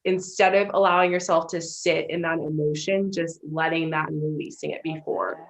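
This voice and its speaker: A woman hosts a casual chat over a video call, her low voice full of vocal fry. She sounds encouraging and upbeat as she passes on advice. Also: steady tone, normal speed, poor audio. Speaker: host.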